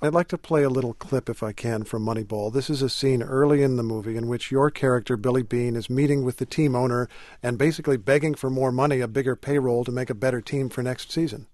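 A male interview host asking measured, articulate questions. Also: medium pitch, fairly even intonation, a little mellow, no room sound. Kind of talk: radio interview.

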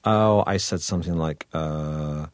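A comic actor in an interview, telling anecdotes with lots of restarts and chuckles. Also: male voice, very deep voice, a little slow, clean tone, no echo, studio quality. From Britain. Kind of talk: casual interview chat.

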